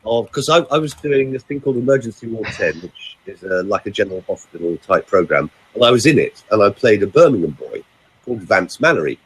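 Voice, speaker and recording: Older uk guy, vocal coach, husky voice, goes all over the place pitch-wise, chatty stories. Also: lively intonation, brisk, poor audio. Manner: chatty, anecdotal, theatrical. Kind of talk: casual chat.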